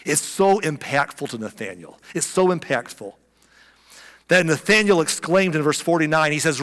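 A man preaching a sermon, telling a story with lively expression and acting out the people in it. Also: a little high, moderate pace, in a large hall. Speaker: pastor.

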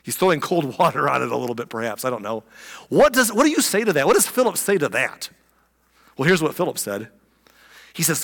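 A man preaching a sermon, telling a story with lively expression and acting out the people in it. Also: medium pitch, a little fast, vocal fry, long reverb tail. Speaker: pastor.

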